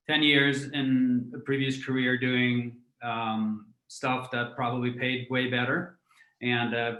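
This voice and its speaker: A man in his forties talks things through slowly, with plenty of fillers and restarts along the way. His voice stays level and barely rises or falls. The sound carries a noticeable roomy echo. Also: medium pitch, fairly bright tone. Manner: reflective, many fillers and restarts. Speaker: guest, music tech entrepreneur. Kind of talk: conversational interview answer.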